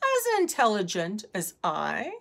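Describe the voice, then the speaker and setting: A woman voicing a proud, haughty young prince in a storybook reading, speaking gruffly and slowly. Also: medium pitch, huge pitch swings, heavily acted.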